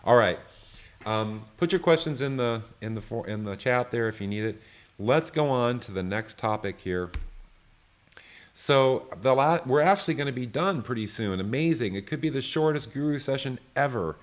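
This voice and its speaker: A man giving a live online software tutorial, loose and chatty, often checking in with "right?". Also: mid-range voice, animated, moderate pace. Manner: loose, full of fillers and restarts. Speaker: software creator teaching a session.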